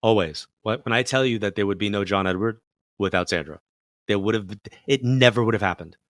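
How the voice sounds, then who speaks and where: Man, low voice, animated storyteller, guest on a talk show, dry close sound. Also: fairly quick, no echo. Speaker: psychic medium guest. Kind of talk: casual storytelling interview.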